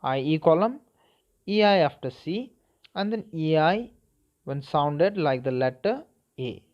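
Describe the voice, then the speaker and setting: A man's voice: fairly high pitch, lively intonation, unhurried. A man teaching a class spelling rules, spelling words out letter by letter and checking that the class is following. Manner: spells words letter by letter, asks "okay?" and "clear?". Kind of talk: spelling lesson. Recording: dull lo-fi recording.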